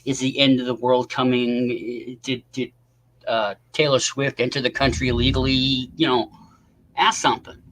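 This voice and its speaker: A man's voice: mid-range voice, level tone, moderate pace, fairly bright tone. A man hosting a casual live stream, rambling and swearing in exasperation while he chats with viewers.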